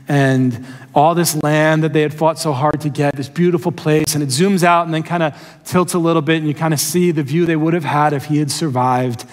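A man preaching a sermon, telling a story in an animated way and acting out quotes. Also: fairly high pitch, long reverb tail. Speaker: pastor.

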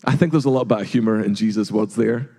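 A man's voice: lowish voice, fast talker, warm tone. A middle-aged man preaching a sermon as a pastor, earnest and questioning, sometimes acting out voices. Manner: earnest, rhetorical questions, acts out quoted voices. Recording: long reverb of a large hall.

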